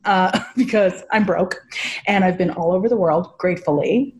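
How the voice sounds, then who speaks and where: A woman guest telling an emotional story on a video-call podcast, animated, laughing often and swearing freely. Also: fairly low pitch, moderate pace.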